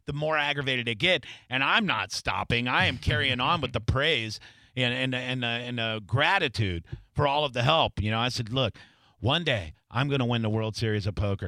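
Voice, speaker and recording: A man's voice: mid-range voice, bright, forceful tone, no echo. A man hosting a casual talk show, telling boastful, wry stories. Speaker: podcast host. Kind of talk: casual chat.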